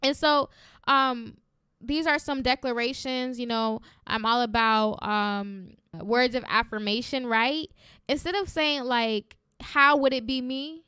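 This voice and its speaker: A woman's voice: on the high side, slow, clean tone, no echo, studio quality. Upbeat woman hosting a faith podcast. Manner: energetic, conversational, often asks "right?"; encouraging and preacherly. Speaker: podcast host.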